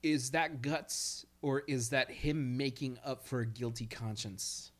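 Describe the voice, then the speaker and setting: A man's voice: medium pitch, a little slow, fairly bright tone. A man in casual chat who swears and laughs often and acts out lines he quotes.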